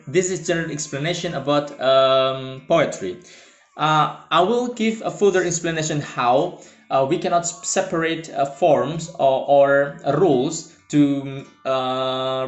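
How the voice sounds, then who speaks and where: A man teaching a lesson, hesitant and full of filler sounds. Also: fairly high pitch. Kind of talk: lecture. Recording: roomy echo.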